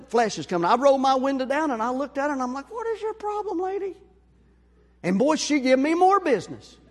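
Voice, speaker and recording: A man preaching a sermon, telling a story with lively acted-out voices. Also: very high-pitched. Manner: animated storyteller, acts out voices. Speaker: pastor. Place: church sanctuary. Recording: long hall reverb.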